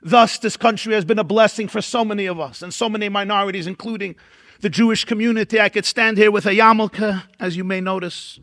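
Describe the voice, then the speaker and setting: A man's voice: sits high, fairly bright tone. A man with a Brooklyn accent delivering a keynote lecture as a rabbi, speaking with dramatic oratory and emphatic repeated lists. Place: large event hall at a dinner.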